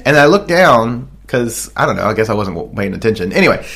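An Australian man chatting into a desk microphone on a podcast, his pitch leaping up and down as he goes. He rambles through a crude story, swears freely and keeps cracking himself up. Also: very animated, a little fast, gravelly, a bit bright. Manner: crude, rambling storyteller who laughs at his own jokes. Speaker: podcast co-host. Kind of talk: casual chat.

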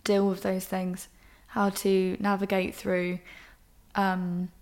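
A woman's voice: medium pitch, completely flat delivery, slow, darkish tone. A young woman hosting a podcast, talking frankly and emotionally about her own life, with casual swearing. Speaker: podcast host. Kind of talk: candid personal monologue.

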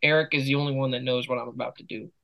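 A man's voice: mid-range voice, steady tone, very fast, highs cut off. An American man hosting a podcast in casual chat, telling stories with lots of swearing and laughter. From United States. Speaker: podcast host.

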